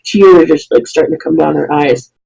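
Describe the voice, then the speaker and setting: Gravelly-voiced game master who narrates the scene and stops to self-correct. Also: medium pitch, steady tone, a little fast, mellow, low-quality recording. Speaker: dungeon master.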